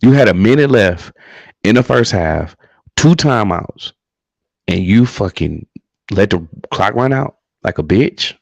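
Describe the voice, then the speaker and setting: A man's voice: on the low side, animated, measured pace, creaky, no room sound. A man co-hosting a livestream, ranting heatedly in casual talk about his team, profane and repetitive. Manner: heated, profane, repeats himself. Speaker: livestream co-host. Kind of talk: profane casual sports rant.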